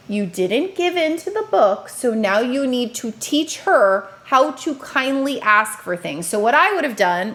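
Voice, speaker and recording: A woman in her thirties talks through a parenting clip in a casual, chatty way. Her voice sits a little high, and she slips into quick little impressions of parents and kids to make her points. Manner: animated, acts out parents' and children's lines. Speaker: educator and parenting commentator. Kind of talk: casual reaction commentary.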